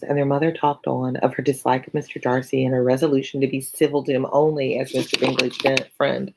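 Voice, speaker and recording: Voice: medium pitch, gravelly, a little mellow, rough recording. A teacher reading a novel aloud on a live stream, breaking off for chatty asides to viewers. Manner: chatty asides between passages.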